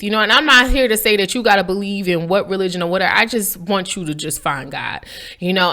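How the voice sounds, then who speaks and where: A woman, talking to viewers in a casual inspirational vlog, animated and preachy with a playful streak. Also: medium pitch. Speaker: faith vlogger. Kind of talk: casual inspirational talk to camera.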